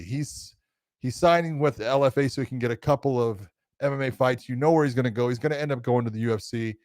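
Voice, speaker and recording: A man co-hosting a casual podcast talks in long, rambling stretches, leaning on "you know" as he goes. His voice is mid-pitched for a man. The recording is dry and close. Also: darkish tone, no echo. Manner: rambling, full of "you know", acts out quotes. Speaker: podcast co-host, grappling referee.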